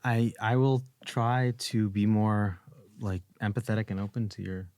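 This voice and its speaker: A man's voice: lowish voice, flat delivery, measured pace, darkish tone, no echo. A married man, a guest in a counseling session, speaking hesitantly and reflectively.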